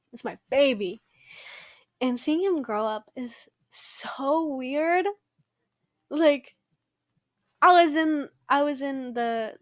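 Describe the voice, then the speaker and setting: Young woman host, casual sentimental rambler, mid pitch, dry close sound. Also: no room sound. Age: young adult. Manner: rambling, sentimental, swears casually, frequent fillers. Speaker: podcast host. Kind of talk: casual chat.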